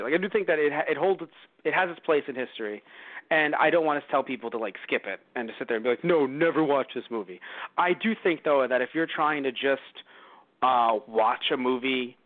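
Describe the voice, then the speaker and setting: With a medium-pitched voice and no room sound, the host of a casual movie review podcast rambles along, restarting sentences and using lots of fillers. The recording is dry and phone-like in its lo-fi quality.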